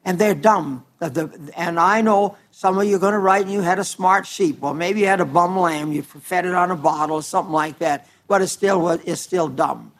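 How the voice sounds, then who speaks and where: A man's voice: high-pitched, moderate pace, few pauses, fairly bright tone. An older man preaching a folksy sermon, stumbling and repeating words as he tells homespun stories.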